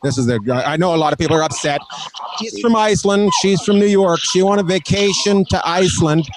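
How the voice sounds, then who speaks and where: A man doing crowd work as a comedian on a live stream, his voice sitting a little high for a man. He teases people with quick banter and keeps breaking into laughter at his own jokes. Heavy noise hangs under the whole recording. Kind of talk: crowd work with an online audience. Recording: loud background noise.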